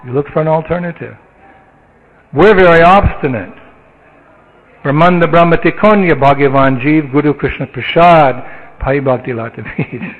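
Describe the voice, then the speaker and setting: A man's voice: fairly high pitch, normal speed, long pauses. A man giving a sermon in a conversational storytelling way, with the odd chuckle. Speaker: spiritual teacher. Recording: tinny phone-like line.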